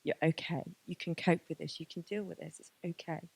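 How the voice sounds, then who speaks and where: Low-voiced emotional woman in her thirties. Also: steady tone, a little fast, gravelly, husky. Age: 30s. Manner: candid, emotional, many fillers. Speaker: graduation speaker. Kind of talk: personal testimony talk.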